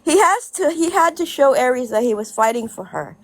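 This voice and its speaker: Blunt high-voiced woman ranting. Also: animated, a little fast, no room sound. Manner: blunt, profane, laughing between points; repeats herself for emphasis. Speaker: social media commentator. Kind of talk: casual ranting vlog.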